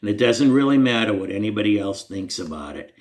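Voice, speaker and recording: A man's voice: lowish voice, expressive, fast talker. A man telling a personal faith story to the camera in an earnest, conversational, self-deprecating way. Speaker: Christian storyteller.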